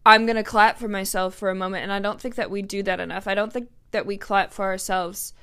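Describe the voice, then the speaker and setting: With a medium-pitched voice that's steady, brisk, pushed, bright and smooth, a twentysomething podcast host speaks candidly on her own. Her monologue is chatty and emotional, thick with "like" and other fillers.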